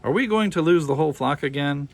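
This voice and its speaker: A man reading a storybook aloud, voicing a stern older male farmer who scolds in a loud, thundering voice. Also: a little high, expressive, quick pace, creaky, voice pushed up. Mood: scolding.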